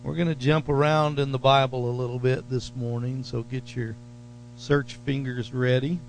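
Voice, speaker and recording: A man's voice: medium pitch, little pitch movement, a little hiss or hum. A man preaching a sermon as pastor, leaning hard on key phrases and drawing them out. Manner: slow, emphatic preaching with drawn-out stressed phrases.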